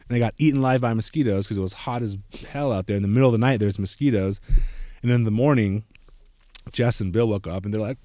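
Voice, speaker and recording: Rambling and filler-heavy, a man in his thirties recounts his own travel story on a casual podcast, voicing the people he quotes. His voice runs on the low side with a darkish tone. The recording is dry and studio quality.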